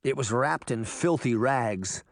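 A man reading a children's adventure story aloud as an audiobook narrator, with expressive, animated storytelling. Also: medium pitch, unhurried, dry recording, studio quality.

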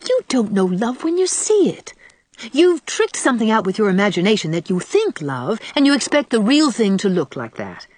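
A woman voicing a lively, teasing young woman friend who talks quickly and brightly. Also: medium pitch, no echo, pitched above the performer's own voice.

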